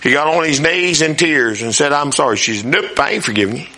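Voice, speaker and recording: Older pastor preaching, folksy and storytelling, high-pitched voice. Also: male voice, lively intonation, fairly quick, a little hiss or hum. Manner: folksy storytelling preacher, swings between soft and loud. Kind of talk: sermon.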